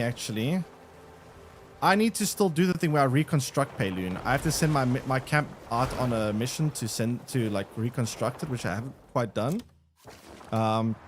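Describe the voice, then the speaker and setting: A man commentating his game live for chat, his fairly high voice swinging up and down as he thinks out loud. He rambles and restarts his sentences, and faint game music sits behind him.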